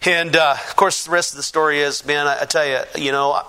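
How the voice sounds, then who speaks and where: A man, a pastor, giving a lively testimony sermon to a congregation in a church, acting out the voices of the people in his story. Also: on the high side, brisk, clear, resonant tone. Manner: animated storyteller, acts out quoted voices.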